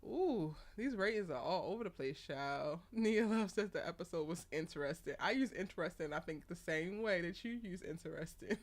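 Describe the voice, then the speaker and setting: A woman's voice: lowish voice, lively intonation, moderate pace, hardly any pauses. A young woman hosting a casual live stream, chatty and laughing often as she greets viewers by name. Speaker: live show host.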